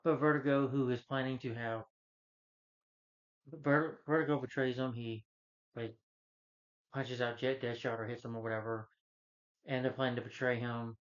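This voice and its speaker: A man in a mid-pitched voice talks through a film plot in a loose, rambling way, leaning on fillers. The recording sounds dull and lo-fi. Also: little pitch movement, normal speed, long pauses. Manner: rambling, full of fillers like "you know" and "like". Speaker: film reviewer. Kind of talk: casual spoken movie recap.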